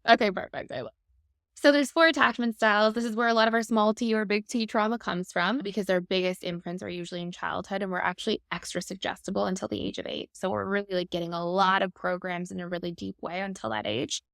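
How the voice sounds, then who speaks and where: A woman's voice: mid-range voice, fast talker, vocal fry, fairly bright tone, no echo, studio quality. A woman in her thirties, a guest expert, explaining attachment styles in a fluent, upbeat conversational way.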